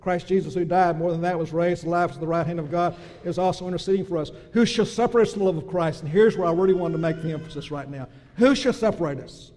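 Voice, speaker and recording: Male preacher with a high voice, delivering a sermon with surging emphatic runs; a long hall reverb. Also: fast talker, hardly any pauses. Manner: builds to loud emphatic crescendos, then drops soft.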